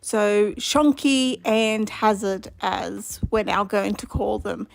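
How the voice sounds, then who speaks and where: A woman's voice: mid-range voice, fairly even intonation, takes it slowly, creaky, dry recording. A woman leaves a blunt, dismissive voice message about a TV show. The recording is dry and close, with no room sound. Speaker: viewer sending a voice message.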